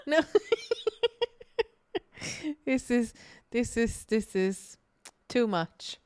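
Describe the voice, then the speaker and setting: A woman's voice: fairly high pitch, drawn-out words, a little mellow, smooth, dry recording, clean studio sound. A woman co-hosting a podcast in casual chat, laughing often and swearing casually. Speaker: podcast co-host. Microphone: streaming mic.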